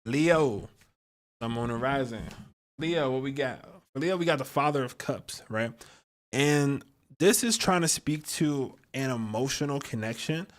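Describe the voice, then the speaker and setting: A man's voice: mid-range voice, measured pace. A man giving a casual tarot reading on a live stream, chatty and slangy, talking straight to his viewers and laughing often between thoughts. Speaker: astrologer and tarot reader.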